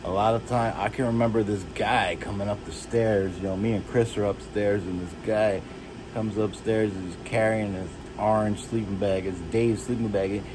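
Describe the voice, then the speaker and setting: A man telling rambling, halting stories about his childhood, jumping from one memory to the next. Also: steady tone, noisy background. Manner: rambling, halting, restarts and jumps between stories; shouts and jumps high when acting out others. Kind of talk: rambling personal storytelling.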